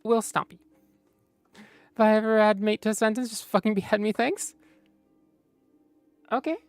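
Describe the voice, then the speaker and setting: A woman chatting casually on a livestream, playful and teasing as she answers her chat. Her voice sits in a middle pitch for a woman. The sound is dry and close, with soft music playing faintly behind her. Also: fairly even intonation, normal speed, no room sound. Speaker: streamer reading chat.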